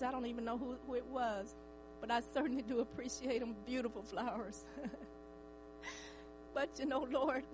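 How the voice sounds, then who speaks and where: A woman's voice: high voice, a bit bright, rough recording. An older woman giving an emotional church testimony, fervent and tearful, often breaking into cries of praise.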